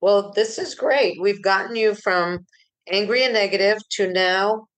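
A woman's voice: medium pitch, measured pace, poor audio. A woman hosting a talk show, asking brief questions and encouraging her guest. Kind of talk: interviewing a guest.

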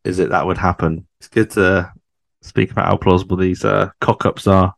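A man's voice: low voice, fairly even intonation, moderate pace, creaky, no echo. A man co-hosting a podcast, chatting casually through a sitcom episode and asking his co-host questions as he goes.

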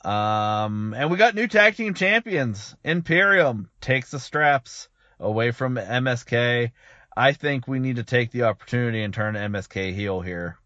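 A man co-hosting a podcast, recapping matches in a measured, casual way. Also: mid-range voice, lively intonation, bright, forceful tone, no echo, dull audio. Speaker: podcast co-host. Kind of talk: casual chat.

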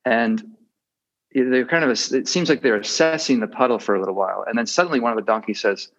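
A man's voice: mid-range voice, brisk, a bit bright. A man giving a reflective dharma talk as a meditation teacher. He often hesitates with fillers and restarts his sentences. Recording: dull muffled audio.

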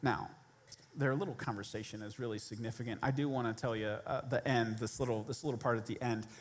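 A man in his thirties preaching a sermon as pastor, telling a biblical story in an animated way and acting out its characters. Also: mid-range voice, fairly quick.

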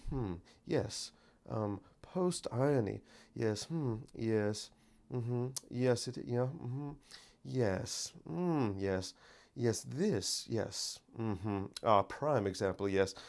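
A man voicing a pompous British public-radio intellectual, murmuring slow, hushed approval in a put-on British accent. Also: on the low side, animated, gravelly, full character voice. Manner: slow, hushed, drawn-out "hmm, yes" murmurs. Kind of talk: mock intellectual impression.

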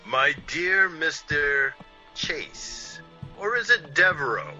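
A suave, mocking stranger. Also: male voice, on the high side, expressive, takes it slowly, bright, forceful tone, soft background music, exaggerated voice. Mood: calm, teasing. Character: suave, mysterious adult male intruder. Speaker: uninvited visitor. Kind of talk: old-time radio drama acting. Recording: dull lo-fi old radio broadcast.

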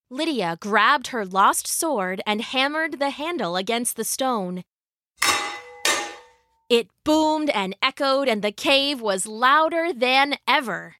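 A woman narrating a scripted children's story in a measured, vivid way. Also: fairly high pitch, sing-song, background noise.

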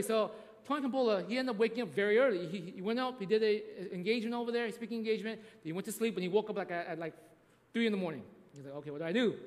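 A man's voice: high-pitched, long reverb tail. A man preaching a sermon, telling a story in a conversational way with frequent restarts and tag questions. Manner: conversational, repeats "right?", restarts often. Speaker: pastor.

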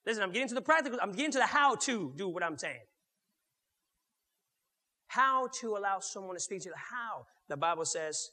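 A man pastor preaching a sermon, swinging from loud to murmured and mimicking churchgoers in quick mock voices. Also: sits high, sing-song. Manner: preaching with sharp swings in loudness, dropping to near murmurs. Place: church sanctuary. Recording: long reverb of a church hall.

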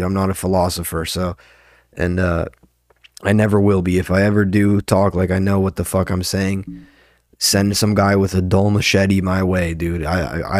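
A man's voice: low voice, a little mellow, no echo, clean studio sound. A young man and open mic comedian, rambling and swearing a lot in a casual podcast monologue. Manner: rambling, profane, ranting.

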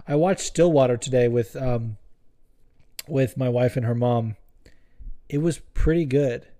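A young podcast host with a warm, medium-pitched voice chats casually, rambling, swearing and joking as he goes.

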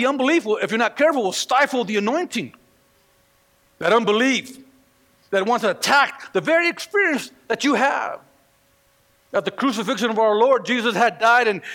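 A man preaching a sermon in church, telling stories with animated delivery and acting out the people he quotes. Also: very high voice. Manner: animated storytelling, acts out quoted voices. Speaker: pastor. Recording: long reverb of a hall.

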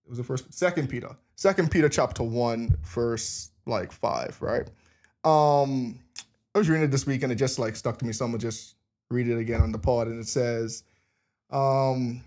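A man hosting a faith podcast, chatting casually and reading scripture, relaxed and rambling with many "like" and "you know what I'm saying". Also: medium pitch, normal speed. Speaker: podcast host.

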